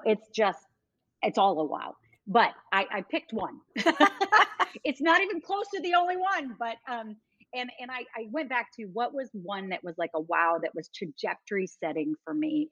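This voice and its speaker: Animated middle-aged woman telling stories. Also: medium pitch, moderate pace, dry recording, lo-fi sound. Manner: animated, laughing, self-interrupting. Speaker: guest, ministry leader. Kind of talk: conversational storytelling.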